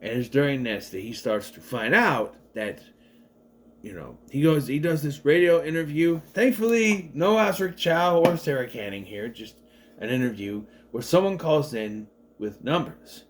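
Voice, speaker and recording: A man's voice: mid-range voice, normal speed, a little hiss or hum. A man giving a casual, chatty movie review, rambling with many fillers and restarts and acting out the characters' lines. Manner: animated, acts out the characters' lines.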